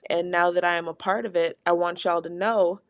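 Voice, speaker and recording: A young woman co-hosting a casual podcast, animated and quick to laugh, swearing freely as she talks. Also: on the low side, dry recording, studio quality. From Pacific Northwest of the US. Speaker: podcast co-host.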